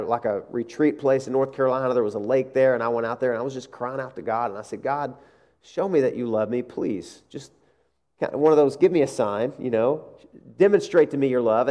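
A middle-aged pastor preaches in a relaxed, conversational way, his voice mellow and dark. He acts out quotes with lively asides. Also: medium pitch. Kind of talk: sermon.

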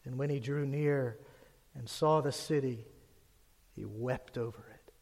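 A man giving a sermon as pastor, earnest, dropping his voice low and soft when he reads scripture. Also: unhurried, gravelly, long pauses, long reverb tail.

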